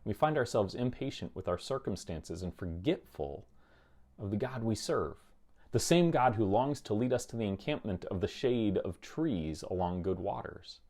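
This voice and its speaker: A man giving a short devotional talk from his office into a microphone, calm, measured and reflective. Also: lowish voice. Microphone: studio microphone.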